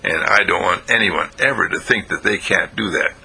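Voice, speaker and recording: A man voicing a calm, patient male spiritual teacher in a told story, speaking slowly and earnestly. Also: deep voice, gravelly, a little hiss or hum, voice pushed down, exaggerated voice, poor audio. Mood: insistent. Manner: slow, measured, earnest. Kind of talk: storytelling with voices.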